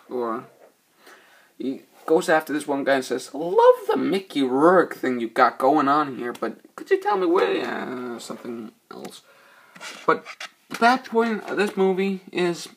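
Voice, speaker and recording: A man's voice: fairly high pitch, creaky, fairly bright tone. A man giving a rambling, profane, laid-back spoken movie review. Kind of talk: casual spoken film review.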